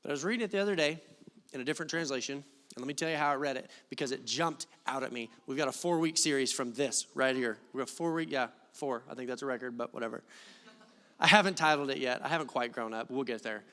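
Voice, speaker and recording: A man preaching a sermon as a pastor, animated and joking with the congregation between Bible readings. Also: medium pitch, fast. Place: church sanctuary. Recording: long hall reverb.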